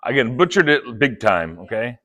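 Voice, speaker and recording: A man preaching a sermon, playful and chatty, acting out quick quoted asides. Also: medium pitch, sing-song, pushed and bright, muffled recording. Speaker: pastor.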